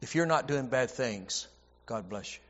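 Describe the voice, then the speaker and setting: A male preacher and Bible teacher delivers an emphatic, repetitive sermon, frequently stammering as he restarts phrases. His mid-range voice has lively intonation and moves a little slowly. The audio is dull, with long hall reverb.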